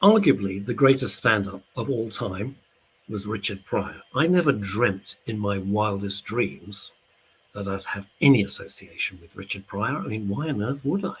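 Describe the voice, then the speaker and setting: A man's voice: lowish voice, expressive, normal speed, slight background noise, low-quality recording. A man hosting a radio talk show, ranting indignantly and chatting directly to his listeners.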